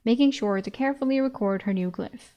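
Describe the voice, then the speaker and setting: A woman streamer reads a novel aloud in a relaxed, conversational way. Her voice sits fairly high and her narration stays easygoing, like a read-along. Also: fairly quick, lo-fi sound.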